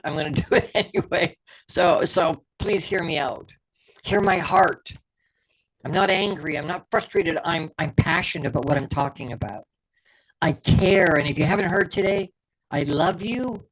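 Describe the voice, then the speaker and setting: A man's voice: sits high, a little hiss or hum, poor audio. Fervent man repeating words for emphasis. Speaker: podcast host and performance coach. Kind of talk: impassioned motivational talk.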